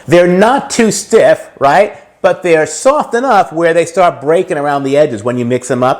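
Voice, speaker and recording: A man hosting a cooking video, casually explaining a recipe step by step and then tasting it. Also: mid-range voice. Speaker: cooking channel host.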